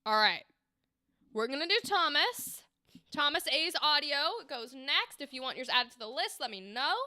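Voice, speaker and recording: Bright-voiced woman coaching voice actors. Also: high voice, expressive, moderate pace, dry recording, studio quality. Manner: chatty, enthusiastic, demonstrates lines. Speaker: livestream host and voice acting coach. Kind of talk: casual livestream chat and acting feedback.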